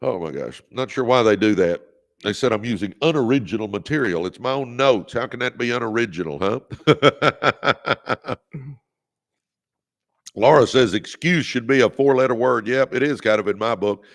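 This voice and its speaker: Man host, gravel in the voice, preachy motivational livestream delivery. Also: medium pitch, lively intonation, a little fast. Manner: preachy, exhorting, leads call-and-response; reads out viewer comments. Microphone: phone or webcam on a livestream.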